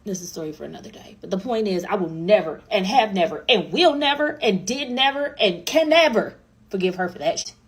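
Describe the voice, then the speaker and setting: A young woman telling a storytime monologue, exasperated and profane, dropping to mutters and rising to shouts, repeating lines for emphasis. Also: mid-range voice, expressive, fairly quick, low-quality recording.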